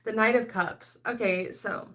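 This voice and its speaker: A woman's voice: fairly high pitch, fairly even intonation, measured pace, fairly bright tone. A woman doing a casual tarot reading to camera, rambling and frank, full of "like" and "I don't know", with laughs mixed in. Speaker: tarot reader.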